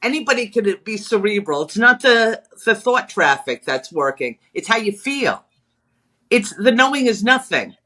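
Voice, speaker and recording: A middle-aged woman from Long Island, chatting as an interview guest. She talks in a brash, animated way and puts on voices for the people in her stories. Her voice is bright and sharp. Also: medium pitch, moderate pace. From Long Island, New York. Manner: brash, animated storyteller, acts out quotes. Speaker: guest, spiritualist author. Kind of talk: casual interview chat.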